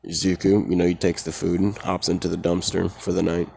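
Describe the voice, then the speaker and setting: A man's voice: low-pitched, little pitch movement, fairly quick, creaky, a little mellow, a little hiss or hum. A man casually retelling a fan story in a rambling, profane way, full of fillers.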